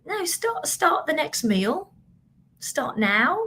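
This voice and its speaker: A British woman with a British accent, hosting a casual live stream as a business coach, chatting quickly and animatedly and reading out viewer comments. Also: sits high, slight background noise. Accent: British English. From Britain. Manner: fast-talking, animated, chatty and self-mocking.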